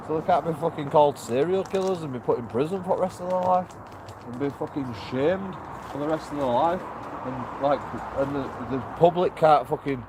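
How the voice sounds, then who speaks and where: A man's voice: on the high side, noisy background. Heated, swearing man outdoors. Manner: heated, profane ranting. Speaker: vlogger. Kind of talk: walking street vlog rant. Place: outdoors on a town street.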